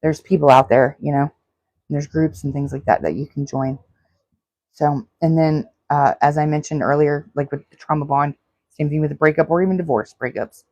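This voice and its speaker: A woman's voice: sits low, steady tone, normal speed, a little mellow, no room sound, dull audio. A woman in her forties hosting a solo self-help podcast, talking earnestly and repeating her advice. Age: 40s. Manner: earnest, repetitive, advice-giving. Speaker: podcast host.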